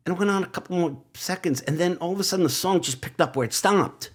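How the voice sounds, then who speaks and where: An older man, a guest writer and producer, telling animated stories in a relaxed interview, quoting people and laughing between lines. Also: sits high, fast, few pauses. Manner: animated anecdotes with laughs and quoted asides. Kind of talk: relaxed storytelling in conversation.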